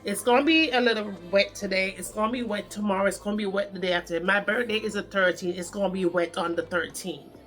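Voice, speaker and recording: A woman's voice: medium pitch, fast, fairly bright tone, soft background music. A woman with a Jamaican accent chatting to camera as a vlogger, telling her story in a chatty, dramatic way. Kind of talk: casual chat to camera.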